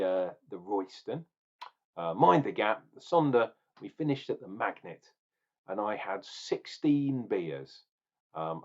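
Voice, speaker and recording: A man's voice: mid-range voice, a little mellow. Male beer vlogger, rambling asides, muffled lo-fi recording. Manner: rambling, chatty, self-correcting asides. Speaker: beer reviewer. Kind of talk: casual beer review vlog. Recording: dull lo-fi recording.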